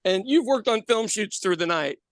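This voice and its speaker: A man's voice: high voice, moderate pace, no echo. Man spinning a story, dry sound. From Ireland. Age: 50s. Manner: animated, acts out other people's lines, swears freely. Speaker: podcast co-host. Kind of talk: casual storytelling chat.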